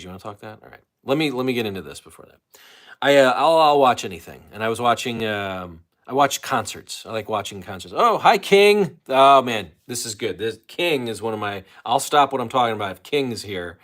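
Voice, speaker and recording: Male livestream host, lowish voice, loose self-interrupting casual chat. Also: a bit bright. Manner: loose, self-interrupting, chatty with many fillers.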